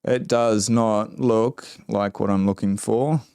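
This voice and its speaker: A man's voice: on the low side, fairly even intonation, takes it slowly, vocal fry, dark tone, clear, resonant tone, no echo, clean studio sound. A man with an Australian accent hosting a casual livestream, chatting with viewers and reading their comments in a laid-back, slangy way. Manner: laid-back, drawling, slangy, with many fillers. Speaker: livestream host.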